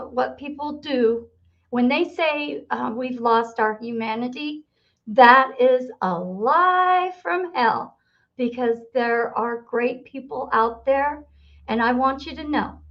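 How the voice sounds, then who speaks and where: Slow-talking older woman hosting, lo-fi sound. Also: on the high side. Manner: earnest, heartfelt. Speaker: host. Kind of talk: casual interview chat. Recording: dull lo-fi recording.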